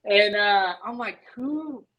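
Animated young man with a higher voice. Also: normal speed, dull audio. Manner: animated, leans on filler words, acts out his own past thoughts. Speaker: guest, motocross racer. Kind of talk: casual podcast storytelling.

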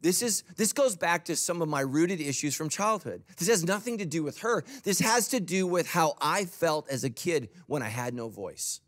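Middle-aged pastor, funny chatty sermon, voice bounces all over, sits a bit high. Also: male voice, moderate pace, hardly any pauses. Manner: humorous, conversational, animated.

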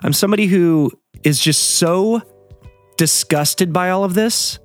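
A man's voice: high voice, a little slow, faint music behind. A man hosting a show, ranting heatedly in a profane solo monologue.

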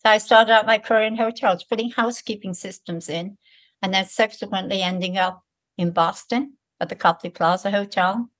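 An elderly woman in her eighties, originally from Liverpool, talks in a brisk, spirited storytelling voice. Her pitch sits at an ordinary middle height for a woman, and she acts out the lines of the people in her stories. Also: fairly bright tone. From Liverpool, England. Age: 80s. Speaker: guest. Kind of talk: conversational storytelling.

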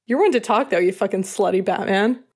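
A woman voicing a crude, joking young male hockey player in an audiobook, teasing with rough banter. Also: medium pitch, a little fast, darkish tone, close to an everyday voice. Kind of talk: audiobook character voice.

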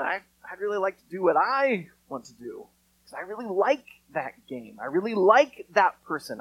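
A man's voice: high voice, fairly bright tone, dry recording, rough recording. Earnest conversational male preacher, dry sound. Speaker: pastor. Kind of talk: sermon.

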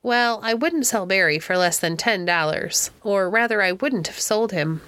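A woman's voice: medium pitch, expressive, moderate pace, a bit bright, close to an everyday voice. A woman reading an eager young boy.

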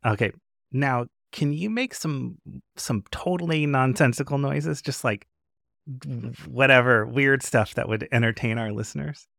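Gravelly-voiced casual man host. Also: medium pitch, measured pace, no echo, clean studio sound. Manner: relaxed, hesitant, with restarts and laughs. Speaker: podcast host. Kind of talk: casual podcast chat.

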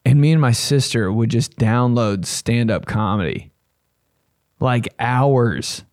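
A young man hosting a podcast, chatting casually in a loose, profane, rambling way with bursts of excitement. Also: mid-range voice, takes it slowly, no room sound, clean studio sound. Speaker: podcast host. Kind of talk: casual chat.

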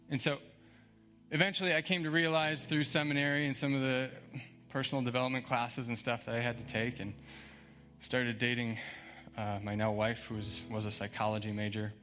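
A man's voice: mid-range voice, fairly bright tone. A young man preaching a sermon as a pastor, talking in a conversational, emphatic way with frequent chuckles.

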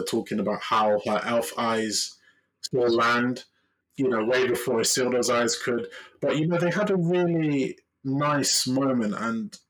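A man's voice: medium pitch, a bit bright, low-quality recording. A man hosting a podcast, chatting casually with frequent fillers. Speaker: podcast host. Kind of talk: casual chat.

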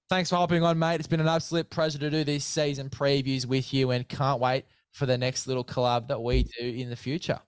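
A man's voice: medium pitch, flat delivery, brisk, hardly any pauses, clear, resonant tone, no room sound. A man hosting a casual sports podcast, chatting matey about bets and plugging a sponsor. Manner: matey, hypes bets and sponsor with filler "mate". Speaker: podcast host.

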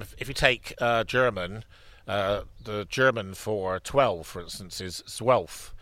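A man's voice: lowish voice, pushed and bright, no echo. A man co-hosting a history podcast, chatting casually and rambling with many restarts and fillers. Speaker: podcast co-host.

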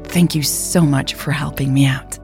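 A woman host narrating a scripted audiobook in a calm, measured way. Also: rumbling low, soft background music.

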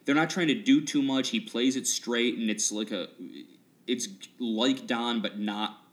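A man's voice: medium pitch, steady tone, a little slow. A man co-hosting a casual movie podcast, blunt and opinionated. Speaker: podcast co-host.

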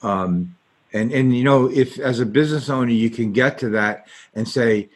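A man's voice: mid-range voice, normal speed, slightly rough. A man hosting an interview, asking questions in a rambling way with many fillers. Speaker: interview host. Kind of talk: podcast interview.

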